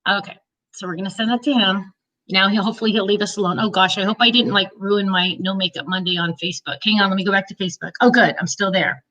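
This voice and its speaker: A woman's voice: medium pitch, steady tone, fast, bright, forceful tone, far from the mic, highs cut off. A middle-aged woman chatting casually in a personal vlog, rambling through stories and talking to her dog. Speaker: vlogger.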